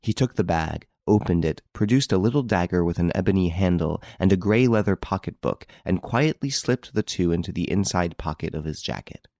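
A man narrating a classic novel as an audiobook, in measured, expressive storytelling. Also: deep voice, no room sound, studio quality.

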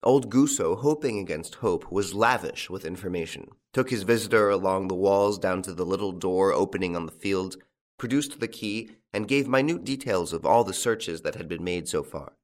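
A man narrating a classic story as an audiobook, with an expressive storytelling delivery. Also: deep voice, normal speed.

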